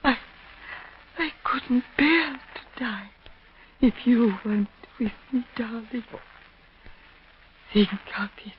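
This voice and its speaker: Frail old dying aunt, faint halting voice, high, slow, dull old radio sound. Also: female voice, a little hiss or hum. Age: older. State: weak and gasping. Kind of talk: 1930s radio drama acting. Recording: dull lo-fi 1930s radio recording.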